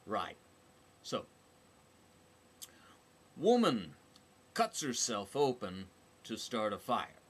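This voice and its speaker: A man voicing a brash, crude, foul-mouthed soldier woman in a storybook reading, loud and sarcastic. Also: lowish voice, animated, slow, slightly rough, exaggerated voice.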